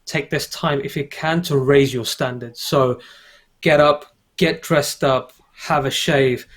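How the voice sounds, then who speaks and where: A man's voice: medium pitch, steady tone, slow pace, a bit bright. A male photographer on a livestream panel, speaking firmly and motivationally over a video call. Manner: firm, motivational.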